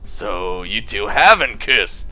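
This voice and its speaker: A man's voice: fairly low pitch, sing-song, takes it slowly, bright, forceful tone, full character voice. A man voicing a blunt, incredulous schoolgirl classmate who speaks in a raised, judging voice. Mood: judgmental.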